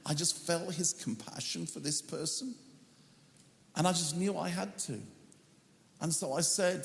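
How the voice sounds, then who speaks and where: A man's voice: a little high, a little slow, gravelly, pauses often, echoey room, big-room sound. A man preaching a sermon as a pastor, telling a story earnestly and acting out the lines he once spoke. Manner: earnest storytelling, acts out his own quoted words.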